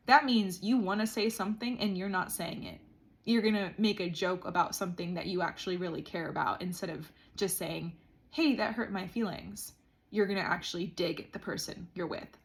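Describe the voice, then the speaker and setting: A woman vlogger sitting on the floor and talking through her thoughts in a reflective diary monologue. She is earnest and says "like" often. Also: mid-range voice. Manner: earnest, frequent "like" fillers. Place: indoors, seated on the floor.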